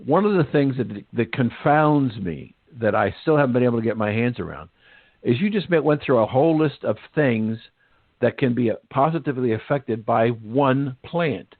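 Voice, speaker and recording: A man's voice: medium pitch, normal speed, dry recording. A male radio host interviewing a guest, polite and a bit hesitant, repeating words and telling a story to set up questions. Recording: tinny phone-like line, dry.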